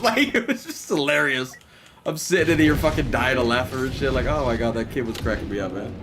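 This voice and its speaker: A man's voice: mid-range voice, big pitch swings, quick pace, noisy background. A man streaming a game live, telling a story in casual, profane chat and laughing as he goes.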